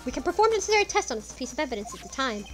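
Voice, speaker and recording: A woman's voice: sits high, sing-song, racing, faint music behind. A woman voicing a cool, formal young male prosecutor in a courtroom game, speaking politely and insistently. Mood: pleading.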